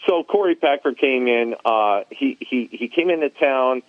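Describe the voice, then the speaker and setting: A man in casual podcast chat, an animated storyteller recalling his years as an arena announcer. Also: medium pitch, measured pace, no echo. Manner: animated storyteller, laughs at his own tales. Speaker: former arena announcer, guest. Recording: tinny phone line, dry.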